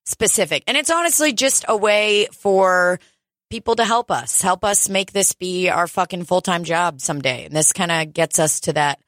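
A woman co-hosting a loose, raunchy podcast. Her voice is bright and clear, recorded close and dry. She rambles, restarts and swears with easy laughter. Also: on the low side, normal speed, no echo. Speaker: podcast co-host. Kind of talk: casual crude podcast banter.

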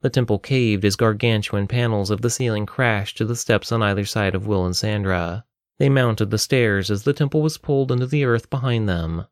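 Male storyteller, low voice, dry close recording. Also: moderate pace, no room sound. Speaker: narrator. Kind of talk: reading a story aloud.

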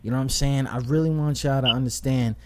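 A man talking in casual podcast chat, animated and rambling, with lots of slang and "like" fillers as he praises some performing artists. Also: medium pitch, fast talker.

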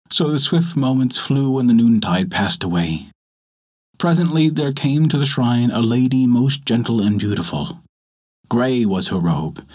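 Husky-voiced male storyteller. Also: medium pitch, darkish tone. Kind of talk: scripted narration.

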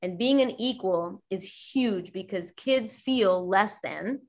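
A middle-aged woman yoga teacher, talking as a guest in a relaxed interview, lively and quick to act out the voices she quotes. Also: mid-range voice. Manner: animated, acts out quoted voices. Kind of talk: casual interview chat.

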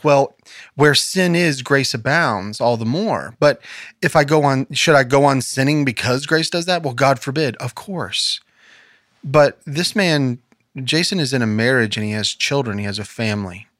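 This co-host of a casual faith podcast has a medium-pitched, slightly bright voice and a moderate pace. Recorded cleanly in a podcast studio with no room sound, he speaks earnestly and quotes scripture like a preacher.

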